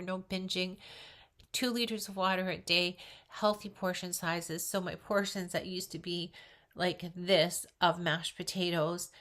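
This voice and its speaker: Older woman vlogger, slightly low voice, earnest and encouraging in casual to-camera chat. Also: fairly bright tone. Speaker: weight loss vlogger. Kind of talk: casual direct-to-camera talk.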